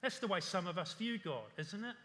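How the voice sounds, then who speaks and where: Bright high-voiced male preacher in reverb. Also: big pitch swings, fairly quick. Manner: earnest preaching with repeated lists and rhetorical questions. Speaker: pastor. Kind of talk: sermon.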